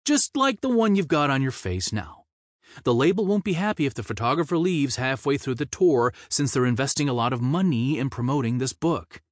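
A man voicing a teasing male band manager in his early thirties, brisk and upbeat, pitched higher than his reading voice. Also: lively intonation, no echo, studio quality, lightly acted. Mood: insistent.

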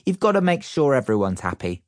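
A man giving an expressive, playful reading of a children's book. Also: medium pitch, fairly quick, no echo, clean studio sound. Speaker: audiobook reader. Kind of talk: animated children's book narration.

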